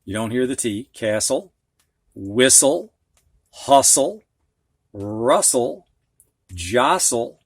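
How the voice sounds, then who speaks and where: Slow, patient Midwestern man teaching reading. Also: medium pitch, dry recording. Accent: Midwestern American. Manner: slow, patient, explains with examples and asides. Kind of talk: recorded phonics lesson.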